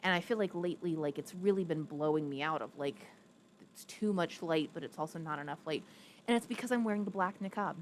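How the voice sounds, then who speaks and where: A woman's voice: fast talker, a little hiss or hum. A young adult woman chatting casually on a live stream, rambling and reading viewer comments aloud. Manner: coos in a high baby voice to a pet. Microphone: streaming setup with a ring light.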